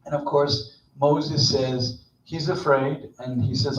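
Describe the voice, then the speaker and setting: A man's voice: medium pitch, steady tone, slow pace, a little hiss or hum. A man giving an informal, chatty sermon at a Shabbat service, with digressions and jokes. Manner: conversational, digressive, joking asides. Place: temple sanctuary. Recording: distant, echoey, dull.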